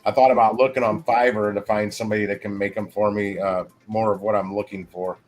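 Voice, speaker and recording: A man hosting a casual livestream, rambling along with halting restarts. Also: lowish voice, little pitch movement, soft background music. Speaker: livestream host.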